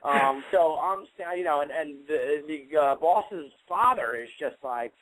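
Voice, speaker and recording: Animated yet unhurried, a man with a slightly high, fairly bright voice co-hosts a laid-back online talk show. He spins long stories with plenty of fillers, and the internet radio call audio is low quality, with faint noise.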